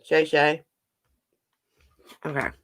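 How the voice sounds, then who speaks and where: A chatty livestream host reads trivia questions aloud and answers viewers' guesses, mouth now and then full of food. The voice sits at a middling pitch. The sound is dry and close, with no room around it. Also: level tone, extremely slow, fairly bright tone, no room sound. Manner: talks while chewing a brownie. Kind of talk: casual livestream trivia chat.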